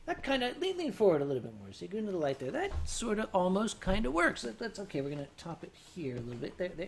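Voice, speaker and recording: A man hosting a casual livestream and answering viewer questions with dry, deadpan humor, loose and tipsy as he sips sake. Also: high-pitched, fast talker, hardly any pauses, a little hiss or hum. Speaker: livestream host.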